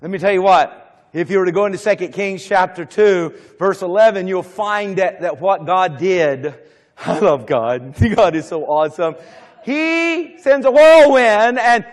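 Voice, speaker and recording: A male pastor preaches in a church and tells the story with plenty of drama, calling out to his congregation. His voice sits high. Long reverb from the sanctuary hangs after his lines. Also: animated, unhurried. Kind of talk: sermon.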